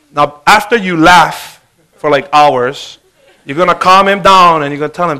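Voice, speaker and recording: A man giving an energetic, joking motivational sales talk. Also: on the high side, normal speed, smooth. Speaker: business presenter.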